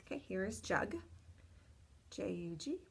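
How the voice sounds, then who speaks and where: A young woman teaching kindergarten children remotely, talking slowly and clearly, repeating words and cheering them on. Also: medium pitch, lively intonation. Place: home room with a window.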